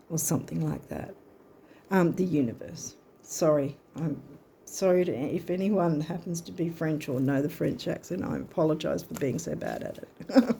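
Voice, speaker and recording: A woman's voice: sits low, moderate pace, creaky, warm tone, slightly rough. A woman giving a casual astrology and card reading, chatty and thinking aloud with hesitations.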